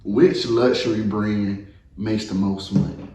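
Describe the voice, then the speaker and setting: A man's voice: on the low side, slow pace. A man hosting a podcast in a casual, teasing, hyped-up way. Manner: hype, teasing, animated. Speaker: podcast host. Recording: roomy, distant mic, faint background noise.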